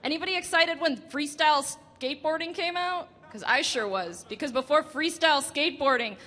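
High, bright woman doing slow stand-up. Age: late 20s. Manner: halting delivery, laughing at her own jokes. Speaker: stand-up comedian. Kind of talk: stand-up set. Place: comedy club stage. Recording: reverberant club room with faint music.

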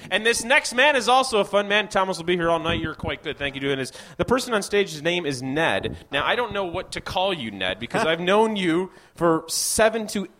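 A man's voice: high voice, big pitch swings, brisk, hardly any pauses, bright, forceful tone. A man in his thirties hosting a live stage interview, teasing and joking with his guest. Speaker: host. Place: comedy stage before a live audience.

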